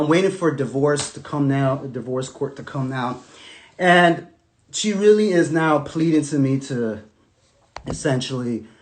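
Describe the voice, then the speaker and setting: Guy vlogging his own story, loose slang, lively voice that jumps all over, loud one sec then quiet. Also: on the high side. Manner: animated, swings from loud outbursts to quiet murmurs; loose slang, many restarts and fillers. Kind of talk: casual storytelling to camera.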